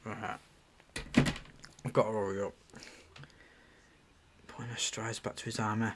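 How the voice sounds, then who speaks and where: A screenwriter casually reading through his own screenplay and commenting on it in a relaxed, musing way. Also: fairly low pitch, normal speed, pauses often, background noise.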